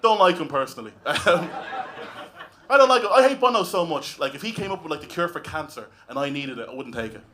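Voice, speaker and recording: A man's voice: on the high side, lively intonation, fast talker, fairly bright tone. An Irish man doing a stand-up comedy set on a club stage, talking in a wry, conversational way with lots of tag questions. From Ireland.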